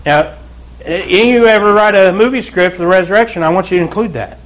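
A man's voice: high-pitched, fast, a bit bright, slight background noise. A pastor preaching a conversational sermon to his church, with asides and repeated calls of "Amen?" to the congregation. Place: church sanctuary.

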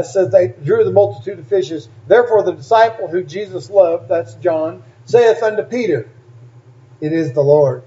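A man's voice: high-pitched, mellow. A man preaching a sermon, reading scripture aloud and stopping often to add plain, emphatic comments. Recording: dull lo-fi recording.

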